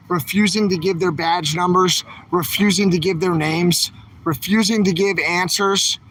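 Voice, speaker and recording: Speaking to camera on a city street, an agitated activist livestreamer rants and exhorts his viewers in a fairly high, fairly bright voice. The audio is poor, with a little hiss or hum.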